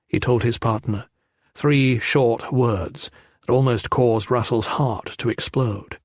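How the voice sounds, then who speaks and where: A male audiobook narrator with a mid-range voice reading a thriller in a measured, even storytelling manner. The recording is dry and close-miked, with no room sound. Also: medium pitch, no room sound. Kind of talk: scripted narration.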